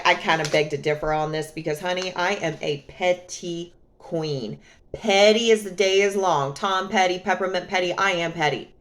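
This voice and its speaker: A woman talking to camera in a sassy, emphatic way, often calling the listener honey. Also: on the low side. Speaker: vlogger. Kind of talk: casual monologue to camera.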